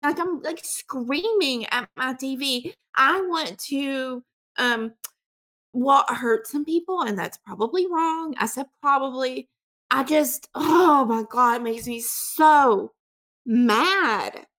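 A woman co-hosting a casual podcast chat, emotional and animated, laughing often. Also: high-pitched, takes it slowly. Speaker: podcast co-host.

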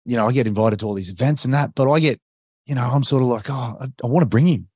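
A man's voice: mid-range voice, fast, darkish tone, breathy edge, no room sound, clean studio sound. An Australian man in his forties hosting a podcast, talking in a friendly, matey way. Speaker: podcast host. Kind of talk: casual podcast chat.

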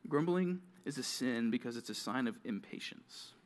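A man preaching a sermon to junior high students, lively and conversational, acting out grumbling teens in quick asides. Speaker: youth pastor.

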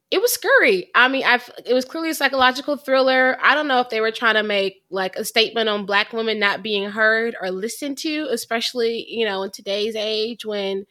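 Bright, chatty woman podcast host. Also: on the high side, moderate pace. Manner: animated, chatty, self-deprecating. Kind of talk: casual podcast chat.

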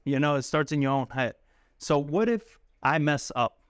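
Man, sales coach, higher voice, casual and chatty, laughs a lot, dry close sound. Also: animated, normal speed, no room sound. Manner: casual, laughs often, acts out calls in a soft apologetic voice. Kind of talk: coaching talk to camera.

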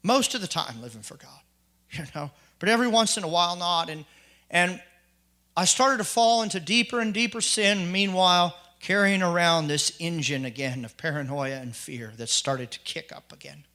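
A man's voice: high voice, moderate pace, bright, forceful tone. Earnest man telling his testimony. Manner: earnest, conversational, many restarts and you-knows. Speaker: church member giving testimony. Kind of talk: spoken personal testimony.

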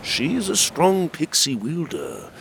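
A man voicing a wise, gentle guiding spirit who speaks slowly and calmly with lively pitch. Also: gravelly, noisy background, heavily acted. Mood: calm reassuring. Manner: slow, calm, reassuring.

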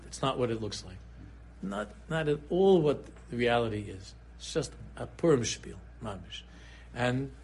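Husky rabbi giving a purim shiur, everywhere, goes quiet then suddenly loud and high, middle pitch. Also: male voice. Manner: animated storyteller, swings between low murmurs and sudden high exclaims. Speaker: rabbi giving a Torah class.

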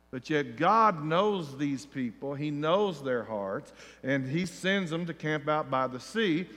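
A man preaching a sermon, telling the story with feeling and acting out the crowd's voices, rising to near shouts. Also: a little high, expressive, slow, few pauses. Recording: long reverb of a large hall.

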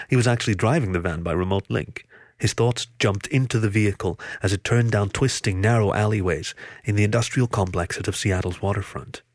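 A man reading a story aloud in a steady, even narration. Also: fairly low pitch, no echo. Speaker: audiobook reader.

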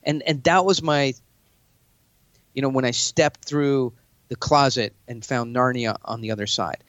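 A man in casual conversation, telling brash stories about business meetings and acting out pitches. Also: unhurried, dry recording, lo-fi sound. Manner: brash, animated, acts out sales pitches. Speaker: business speaker, podcast guest. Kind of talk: casual chat.

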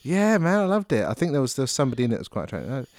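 A man's voice: mid-range voice, big pitch swings, rapid-fire, a little mellow, no room sound. A man from the UK co-hosting a casual comedy podcast, laughing a lot and riffing on jokes. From United Kingdom. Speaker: podcast co-host.

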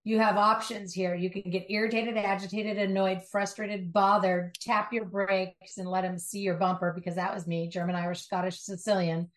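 A middle-aged woman from Southern California talks as an interview guest in an echoey room, her voice sitting at an ordinary middle pitch. She speaks emphatically, piling up words and slipping into quick asides. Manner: animated, emphatic storytelling with asides and mock voices. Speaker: guest, life coach. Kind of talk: conversational interview.

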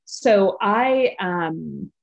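A woman's voice: medium pitch, lively intonation, very slow, vocal fry. A woman hosting a casual podcast chat, candid and laughing through her stories. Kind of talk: casual conversation. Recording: dull lo-fi audio.

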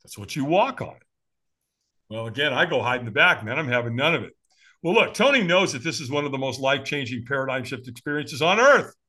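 Fairly quick and mid-range in pitch, this American man, a firewalk instructor appearing as a podcast guest, spins a lively story in conversation, imitating others and chuckling frequently.

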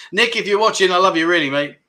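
Bright-voiced chatty male host. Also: sits high, a little fast. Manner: chatty, jokey, self-deprecating, reads comments aloud. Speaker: livestream host. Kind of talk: casual chat reading viewer comments. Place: home livestream setup.

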